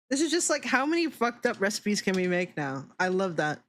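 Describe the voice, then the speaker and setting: A young adult woman streamer chatting casually, giggling a lot and swearing as she reacts to chat. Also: medium pitch.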